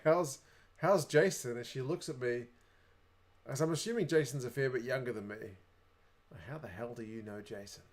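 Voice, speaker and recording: A young adult man with a New Zealand accent, hosting a casual livestream, chatting away and reading viewer comments aloud. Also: mid-range voice. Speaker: livestream host.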